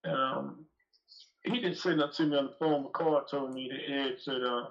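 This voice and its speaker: A man's voice: mid-range voice, steady tone, moderate pace, fairly bright tone, muffled recording. A man telling a long, profane, rambling story on a live call-in show. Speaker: guest dog breeder.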